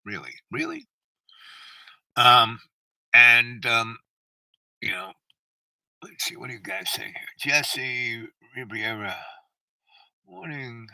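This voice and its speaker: A man's voice: medium pitch, takes it slowly, gravelly, pauses often, sharp tone, no echo, rough recording. An older man hosting a livestream, telling a long rambling story to his chat and often tagging "right?". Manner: rambling, keeps asking "right?". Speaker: livestream host.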